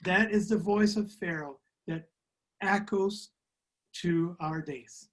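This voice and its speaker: Man reading scripture slowly on a call, lots of uhs. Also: sits high. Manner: careful, hesitant, with many fillers. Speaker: interpreter. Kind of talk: church interpreting and scripture reading.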